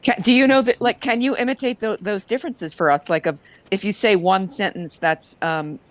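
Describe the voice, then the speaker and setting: A woman with a mid-pitched voice chats casually. She is curious and keeps asking questions. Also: brisk. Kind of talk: casual chat.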